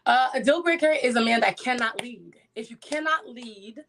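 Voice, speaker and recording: A woman's voice: on the high side, moderate pace, a crowd in the background. A woman answering questions as a guest on a dating show, chatty with many fillers. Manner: chatty, filler-heavy, assertive. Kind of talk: casual interview answers.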